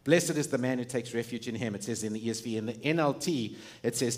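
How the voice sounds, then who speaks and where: Animated, conversational male pastor preaching. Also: medium pitch, fast talker, hardly any pauses. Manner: animated and conversational, with frequent restarts and laughs. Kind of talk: sermon.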